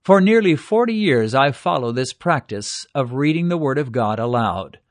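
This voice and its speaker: An older man preaching in a measured, earnest tone, giving a devotional Bible teaching. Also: mid-range voice, expressive, no room sound, studio quality.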